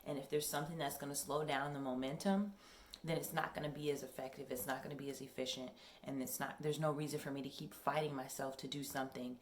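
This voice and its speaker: A woman's voice: a bass voice, fairly even intonation, fast talker, reverberant, a little hiss or hum. A young woman in casual vlog chat at home, rambling and chatty with many ums. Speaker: vlogger. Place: home workout room.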